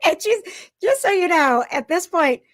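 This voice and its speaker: A woman's voice: very high-pitched, big pitch swings, normal speed, dry recording. Chatty female talk show host, dry sound. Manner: laughing often, retelling with quoted voices. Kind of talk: casual chat.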